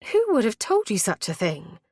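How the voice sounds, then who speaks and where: A woman's voice: medium pitch, huge pitch swings, normal speed, a little mellow, breathy edge, no room sound, clean studio sound, heavily acted. A woman voicing a frightened but defiant noblewoman protecting her son, firm and proper, in an audiobook.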